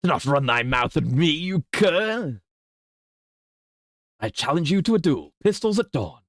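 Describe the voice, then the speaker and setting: A man's voice: a little high, big pitch swings, unhurried, fairly bright tone, no echo, studio quality, voice pushed up, full character voice. A man doing a haughty, foppish English aristocrat voice on a game stream, drawn out and pompous. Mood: indignant. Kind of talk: improvised voice during a game stream.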